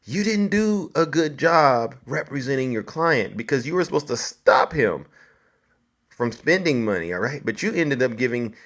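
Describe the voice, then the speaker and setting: A man's voice: mid-range voice, sing-song, moderate pace, fairly bright tone. A man hosting a live stream, giving mocking, theatrical commentary and talking straight to his chat.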